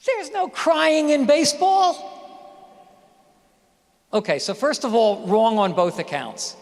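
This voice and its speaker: A man's voice: sits high, a bit bright. A man giving a commencement speech, telling stories and asking the audience questions. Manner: storytelling, addresses audience directly with questions. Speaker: commencement speaker. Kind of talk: graduation speech. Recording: reverberant hall.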